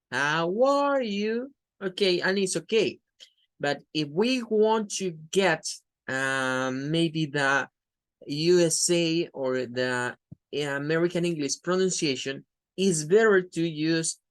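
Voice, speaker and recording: Spanish-accented woman teaching english, slow and careful, says phrases over and over, dry sound. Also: low voice, dry recording. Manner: slow, careful, repeats phrases for pronunciation drills. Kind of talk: online English class.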